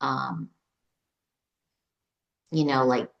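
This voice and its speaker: A woman guest in an interview, telling a personal story in a halting, emotional way, with many fillers and restarts. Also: a bass voice, creaky, highs cut off. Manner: recounts dialogue in quoted voices. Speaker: retreat client, interview guest.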